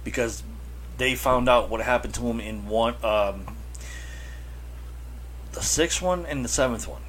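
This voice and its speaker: A man's voice: mid-range voice, measured pace, fairly bright tone, a little hiss or hum. A man co-hosting a casual chat, telling stories and acting out the reactions he quotes, with swearing. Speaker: podcast co-host. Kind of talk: casual chat about horror films.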